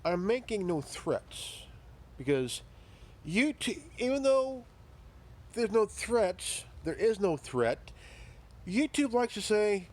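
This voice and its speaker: A man's voice: sits high, big pitch swings. A man delivering a profane, confrontational ranting monologue as a commentary vlogger, often stumbling and repeating himself. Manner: profane, confrontational, halting repetitions.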